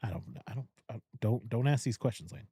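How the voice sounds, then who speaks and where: A man's voice: medium pitch, fast talker, warm tone, breathy edge, no echo, studio quality. A man hosting a podcast, animatedly retelling a movie plot in casual chat, swearing freely and laughing often. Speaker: podcast host. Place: cigar lounge podcast studio.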